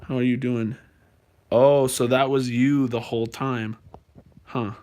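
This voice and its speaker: A man's voice: medium pitch, flat delivery, measured pace, a little mellow. A man live-streaming from home, chatting loosely with his viewers and rambling through fillers and restarts. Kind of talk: casual live-stream chat.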